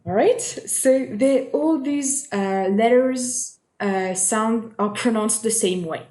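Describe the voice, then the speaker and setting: A woman's voice: fairly high pitch, slow pace, a little mellow. A woman teaching pronunciation in a recorded lesson, patient and repetitive, often checking in with the listener. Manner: patient, repeats sounds and checks in with "all right?". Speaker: French teacher. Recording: echoey room.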